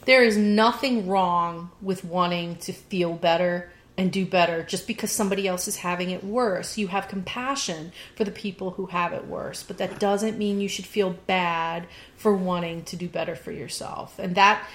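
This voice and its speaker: A woman's voice: fairly low pitch, fairly even intonation, normal speed, few pauses. A middle-aged woman in casual chat, talking bluntly and emphatically with firm opinions.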